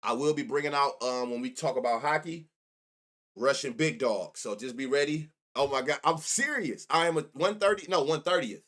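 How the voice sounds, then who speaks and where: A man's voice: mid-range voice, normal speed, fairly bright tone. Male stream host, loose and profane, rambling banter with chat. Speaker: sports betting show host. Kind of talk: casual live-stream chat.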